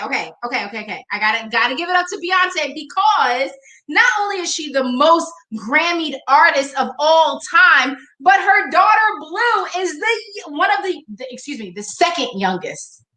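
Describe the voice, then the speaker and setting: A high-voiced woman co-hosts a casual talk show, animated and teasing. Her bright voice sits in an echoey room with faint noise. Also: normal speed. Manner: animated, teasing, talks over her partner. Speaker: co-host. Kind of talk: casual chat.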